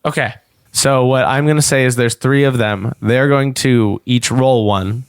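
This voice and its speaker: Man, game master, smooth clear voice, dry close sound, steady descriptive narration. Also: medium pitch, a little slow, dry recording.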